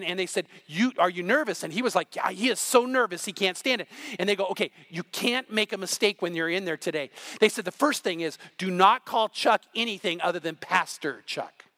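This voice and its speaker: A middle-aged male pastor preaching a sermon, impassioned and building to near-shouts. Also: high voice, no echo.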